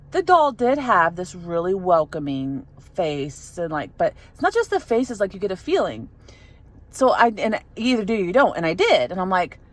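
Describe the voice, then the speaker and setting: A young woman tells a story casually to her camera, wandering through her thoughts with fillers and false starts. Her voice sits a little low for a woman. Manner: rambling, many fillers and restarts. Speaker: vlogger.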